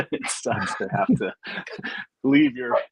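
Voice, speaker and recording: A man chatting as a guest in a relaxed way, laughing often and filling pauses with "uh". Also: mid-range voice, breathy edge, no room sound, poor audio. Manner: laid-back, laughs often, hesitant fillers. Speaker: guest, paranormal investigator. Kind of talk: casual chat. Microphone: video call.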